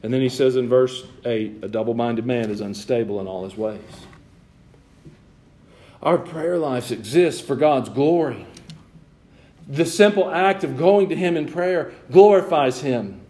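A man's voice: medium pitch, a little slow, mellow. A man preaching a sermon in church, swinging between emphatic points and chatty asides to the congregation. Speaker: pastor.

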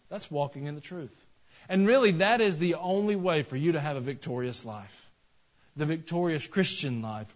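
A man's voice: fairly high pitch, lo-fi sound. A male pastor preaching a sermon in a folksy, conversational way that builds into emphatic passages.

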